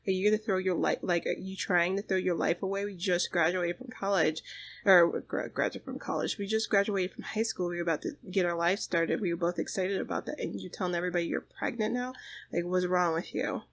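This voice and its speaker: A woman's voice: fairly low pitch, steady tone, fairly quick, creaky. A woman voicing an upset teen friend. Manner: accusing, upset.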